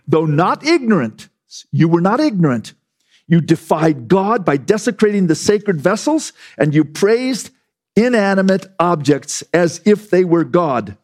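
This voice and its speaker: A man preaching a sermon, emphatic and animated, swinging from near shouts down to quiet asides. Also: high-pitched, normal speed.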